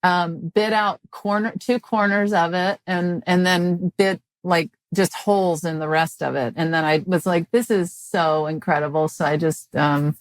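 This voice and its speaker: A woman in her fifties from Mississippi, a comedian chatting as a guest in an interview in a dry, halting way, full of restarts and fillers. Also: lowish voice, fairly even intonation, no echo. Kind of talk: casual interview chat.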